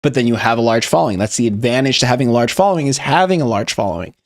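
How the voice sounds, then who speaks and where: A young man streaming, chatting casually and joking as he reviews memes in quick rambling asides. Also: mid-range voice, lively intonation. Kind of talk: casual chat.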